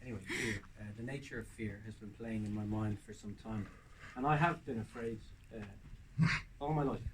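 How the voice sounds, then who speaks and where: A man doing stand-up comedy, animated, with bursts of loud shouting when acting out scenes. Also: on the low side, moderate pace. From Ireland. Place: castle room with live audience. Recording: distant mic, audience noise.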